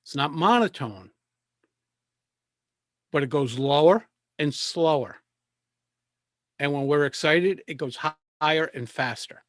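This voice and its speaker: A man speaking as a presentation coach over a video call. He talks in a measured way and leaves deliberate pauses. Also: a little high, animated, a bit bright, dry recording, clean studio sound.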